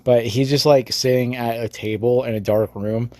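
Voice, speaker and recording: A man's voice: mid-range voice, steady tone, normal speed, a little mellow, no room sound. A man rambling through a casual, profane, giggly story in a phone voice message. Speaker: vlogger.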